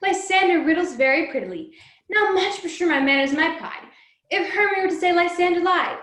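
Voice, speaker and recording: Modest young woman played by a girl, gentle measured verse, very high voice, roomy echo. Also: lively intonation. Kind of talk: amateur student Shakespeare performance. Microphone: video call. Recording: echoey room on a call.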